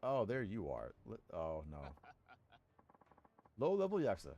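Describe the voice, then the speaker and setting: A man doing jokey let's-play commentary while he plays a game, with loud goofy reactions. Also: on the low side, huge pitch swings, slow pace, highs cut off. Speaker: gaming video host.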